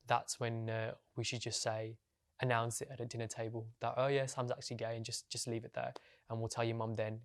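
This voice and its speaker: A young man with a Birmingham accent tells a personal story. His voice sits at a middle pitch and stays flat, with little melody. He sounds reflective and candid, and uses plenty of fillers. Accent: Birmingham English. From England. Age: young adult. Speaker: interviewee.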